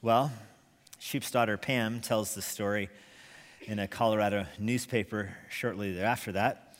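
Man, preacher, sermon storytelling, animated, reverberant church hall. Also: fairly low pitch, a little slow. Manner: animated storyteller, chuckles often. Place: church sanctuary.

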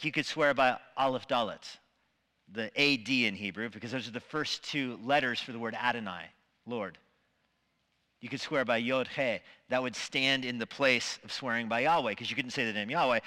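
Bright-voiced male preacher in a reverberant hall. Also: mid-range voice. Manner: animated, acts out quoted voices. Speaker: pastor. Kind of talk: sermon. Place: church sanctuary.

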